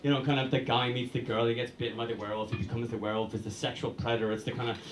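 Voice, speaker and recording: A man's voice: medium pitch, racing, slight background noise. A man doing a crude, rambling stand-up comedy set on a club stage. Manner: crude, rambling, animated with mock voices. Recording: echoey club room.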